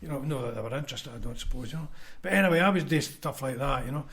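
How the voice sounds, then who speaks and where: A man's voice: medium pitch, lively intonation, rapid-fire, fairly bright tone. A Scottish man, a former union convener, telling blunt anecdotes in a casual podcast chat and acting out what others said. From Scotland. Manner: anecdotal, blunt, acts out quoted voices.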